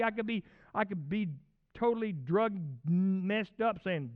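A man preaching a casual, animated sermon that swings from quiet talk to loud, excited peaks. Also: high-pitched, moderate pace. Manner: animated, conversational preaching with sudden loud peaks and acted voices. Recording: dull lo-fi recording.

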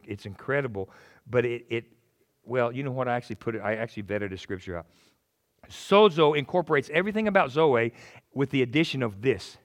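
A middle-aged male pastor preaching a sermon in an animated, joking way, acting out little voices. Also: medium pitch. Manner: animated, jokey, acts out voices.

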